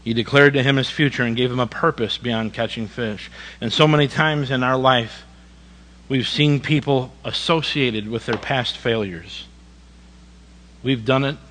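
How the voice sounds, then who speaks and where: A man's voice: mid-range voice, fairly bright tone, long reverb tail, poor audio. Man preaching with emphatic repetition. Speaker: pastor. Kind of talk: sermon. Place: church.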